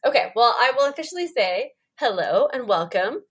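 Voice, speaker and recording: A woman's voice: a little high, normal speed, breathy edge. A woman hosting a casual podcast interview, chatty and reassuring. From Canada. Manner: relaxed and reassuring, chatty, laughs easily. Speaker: podcast host.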